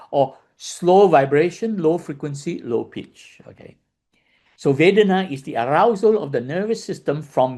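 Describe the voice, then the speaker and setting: A meditation teacher with a slightly high, slightly mellow voice gives a dharma lesson. He explains things patiently, goes over points again, restarts phrases, and keeps checking with listeners by asking "okay?" and "right?"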